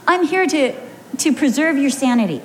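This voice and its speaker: A woman's voice: high voice, lively intonation, normal speed, a little hiss or hum, pitched above the performer's own voice. A woman quoting her exasperated, defensive husband, sarcastic in her own voice. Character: exasperated husband, adult man.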